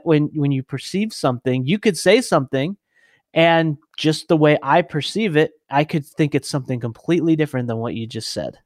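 A man hosting a podcast interview, thoughtful and animated when giving examples. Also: fairly high pitch, no room sound, clean studio sound. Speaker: podcast host. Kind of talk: conversational interview.

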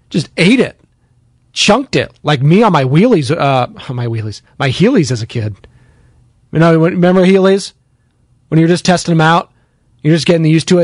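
A male sports radio host whose voice sits a bit high and swings up when he gets worked up. He talks bluntly and casually, as if on a pregame show. The studio sound is close and dry. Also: no room sound. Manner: animated, blunt and conversational, reads viewer comments.

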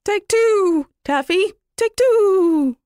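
A woman voicing a silly turtle dove that chants its cry over and over in a shrill sing-song. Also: lively intonation, very slow, a little mellow, no room sound, studio quality, heavily acted.

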